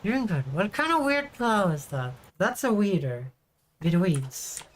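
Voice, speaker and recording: A woman's voice: mid-range voice, sing-song, measured pace. A woman streaming a video game, chatting casually to her viewers with offhand swearing. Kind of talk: casual gameplay commentary.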